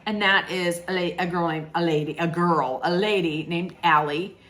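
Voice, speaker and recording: A woman with a lowish, fairly bright voice recaps a reality show at normal speed with a steady tone. Her casual chat is sarcastic and dotted with laughing asides.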